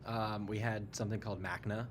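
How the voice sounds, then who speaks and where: An American man, a guest on an online panel, speaking in a measured, hedging way. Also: fairly low pitch, little pitch movement, a little hiss or hum. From USA. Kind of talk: casual panel chat.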